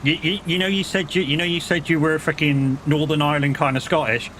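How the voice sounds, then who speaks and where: Sweary English streamer bantering with chat. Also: male voice, on the high side, steady tone, fairly quick, fairly bright tone, a little hiss or hum. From England. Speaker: live streamer. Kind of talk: casual chat while gaming.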